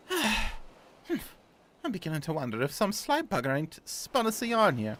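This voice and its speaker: A man voicing a superstitious old male sailor in a put-on, half-Cockney, half-Scottish accent, talking in rough, folksy dialect. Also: high voice, wildly swooping pitch, slow pace, fairly bright tone, pitched above the performer's own voice, full character voice. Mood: plotting. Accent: mock Cockney-Scottish put-on. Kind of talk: reading game dialogue aloud. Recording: faint game music behind.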